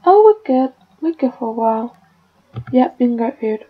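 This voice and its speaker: A woman's voice: on the high side, lively intonation, moderate pace, husky, phone-quality sound. A woman giving casual commentary while she plays a life-simulation game, scolding and coaxing her characters like a fussing parent. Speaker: gaming video creator.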